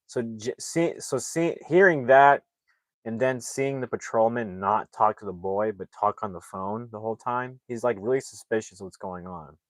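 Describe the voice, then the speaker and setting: Male movie reviewer, lowish voice, casual rambling recap, dry close sound. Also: normal speed, no echo. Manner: rambling, heavy on fillers and restarts.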